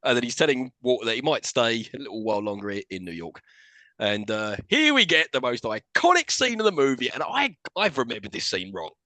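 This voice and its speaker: Lively, bright-voiced male podcast host. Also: medium pitch, brisk, no echo. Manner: animated, incredulous, laughs often. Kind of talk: casual film-review chat.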